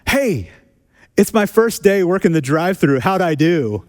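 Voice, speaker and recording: A man's voice: sits high, sing-song, measured pace, big-room sound, voice pushed up. A man voicing a flustered young male drive-through worker who stammers and hesitates. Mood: eager.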